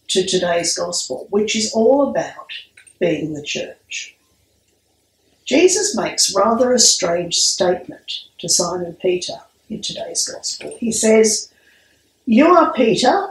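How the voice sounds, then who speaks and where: Slow-speaking woman preaching. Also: medium pitch. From Australia. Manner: measured, storytelling delivery. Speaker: priest. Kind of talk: sermon. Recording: echoey room, mic at a distance.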